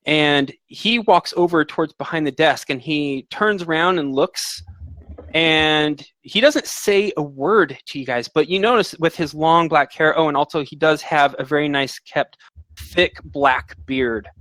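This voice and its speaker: A man narrating a fantasy tabletop game as game master, his voice a bit higher than most men's. He rambles with fillers and restarts, recorded close and dry. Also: fairly bright tone, no echo.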